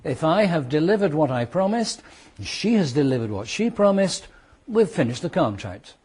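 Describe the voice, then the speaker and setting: Husky British man giving a law lecture. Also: fairly high pitch, sing-song, darkish tone. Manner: explains with worked examples, repeats points, speeds up and slows down for emphasis. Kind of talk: classroom lecture. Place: classroom with students.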